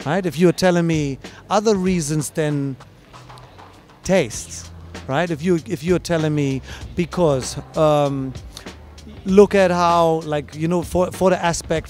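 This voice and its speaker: A slightly high, darkish-toned man who judges breakdancing is interviewed at a dance event. His long explanation of how he judges keeps circling through fillers and restarts.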